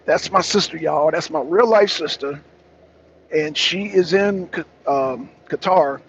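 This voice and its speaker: A loose, chatty man talks straight to his live-stream audience. His voice sits a little high for a man. The stream sounds dull and lo-fi, with a faint hiss behind it. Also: unhurried. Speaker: talk show host. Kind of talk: casual live-stream commentary.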